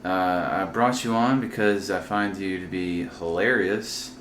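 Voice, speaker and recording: A man's voice: sits low, fairly even intonation, unhurried, a bit bright, roomy sound, slight background noise. A man hosting a comedy podcast from a friend's house, chatting casually and joking, with many fillers and restarts. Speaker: podcast host.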